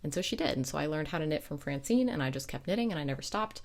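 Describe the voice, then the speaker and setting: A woman's voice: deep voice, animated, rapid-fire. A young adult woman hosting a knitting podcast, chatting casually and wandering off into side stories before correcting herself. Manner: chatty, digressive, self-correcting. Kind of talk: casual chat.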